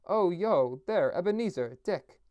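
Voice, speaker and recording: A man voicing a jovial, fat old male merchant who calls out in loud, hearty bursts. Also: high-pitched, animated, a little slow, clear, resonant tone, no echo, voice pushed up.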